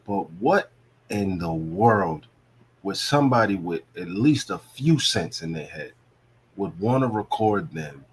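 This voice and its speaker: A man's voice: low-pitched, animated, a little slow, husky. A man from the US Northeast talking on an online panel, asking questions in a loose, conversational way. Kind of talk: casual online panel chat.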